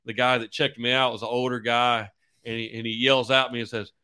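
A man's voice: medium pitch, level tone, brisk, pushed and bright, smooth. A middle-aged man, a football coach, chatting easygoingly as a podcast guest and acting out quotes in his stories. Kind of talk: casual interview chat.

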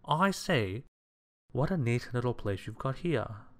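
A man's voice: mid-range voice, expressive, measured pace, natural voice. Storybook klutz, cheerful and carefree, voiced by a man. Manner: cheerful, breezy. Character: clumsy cheerful man, bumbling and breezy.

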